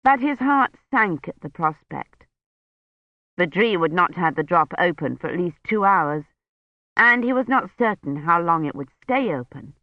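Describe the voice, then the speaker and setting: A man narrating a novel as an audiobook in a measured storytelling delivery. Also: high-pitched, very animated, no room sound, lo-fi sound. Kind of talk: scripted narration.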